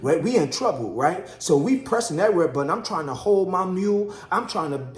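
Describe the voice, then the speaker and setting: Talking a little fast, a husband spins a lively tale of his wife's labor for a casual storytelling vlog. His voice is slightly high, the room echoey, and he keeps chatting to "y'all" while acting out quotes.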